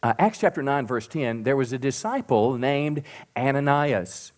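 A middle-aged man preaching to a church congregation, swinging from loud emphatic peaks to soft drops and calling out to the crowd for responses. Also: medium pitch, lively intonation, measured pace. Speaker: pastor. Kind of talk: sermon. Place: church sanctuary.

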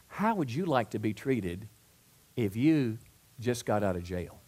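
A man's voice: lowish voice, unhurried. Folksy preacher man firing rhetorical questions. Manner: asks the crowd many rhetorical questions; repeats and restarts words when excited. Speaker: pastor. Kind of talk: sermon.

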